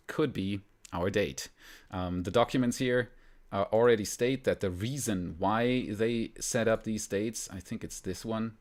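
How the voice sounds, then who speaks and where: A man from Germany hosting a live stream, chatting casually and rambling a little, with frequent fillers and soft laughs. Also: lowish voice. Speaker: livestream host.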